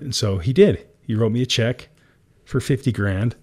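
Casting: male founder guest, earnest conversational storyteller, medium pitch. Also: moderate pace, a little mellow. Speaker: company founder and CEO, guest. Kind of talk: candid interview storytelling.

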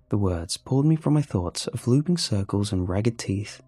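A man narrating a first-person horror story in a measured, storytelling manner. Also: fairly low pitch, animated, mellow, slightly rough, dry recording, faint music behind.

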